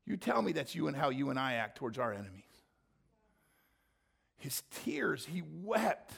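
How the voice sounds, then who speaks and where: Passionate high-voiced gravelly male preacher. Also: sing-song, normal speed. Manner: impassioned, rising to near-shouting when voicing scripture. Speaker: pastor. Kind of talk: sermon.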